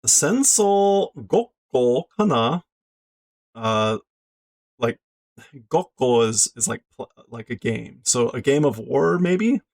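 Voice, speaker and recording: A man casually reading through a manga as a language learner, translating aloud in a slow, halting, think-out-loud way. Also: medium pitch, lively intonation, creaky.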